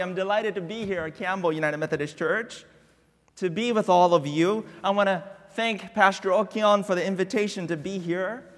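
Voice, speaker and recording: A man preaching a sermon as a guest pastor in a church, telling a family story with drawn-out, deliberate repetitions. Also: high voice, a bit bright, in a large hall. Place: church sanctuary.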